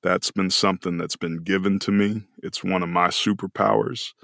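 Deep-voiced man telling an earnest story. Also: fairly even intonation, vocal fry, a bit bright, dry recording, clean studio sound. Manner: earnest and emotional, slowing down on key moments. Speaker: podcast guest. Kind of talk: personal storytelling in conversation.

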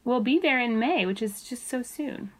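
A woman's voice: on the high side, animated, moderate pace, low-quality recording. A woman co-hosting a podcast, chatting casually and rambling with fillers and laughs. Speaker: podcast co-host. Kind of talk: casual chat.

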